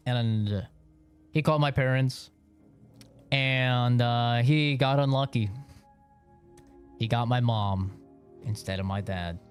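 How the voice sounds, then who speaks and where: Young male streamer, chill storyteller, curses a lot, middle pitch, faint music behind. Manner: laid-back, swears freely, laughs while telling. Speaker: gaming streamer. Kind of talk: casual storytelling on a live stream.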